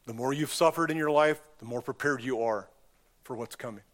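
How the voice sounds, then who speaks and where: A pastor preaching a sermon in a church, emphatic and impassioned, with sudden rises and drops in pitch and loudness. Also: male voice, a little fast.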